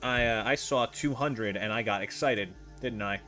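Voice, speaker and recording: Man, low voice, casual game commentary, swears, game music behind. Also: normal speed, pushed and bright. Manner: muttering, swearing, self-deprecating. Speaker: game streamer.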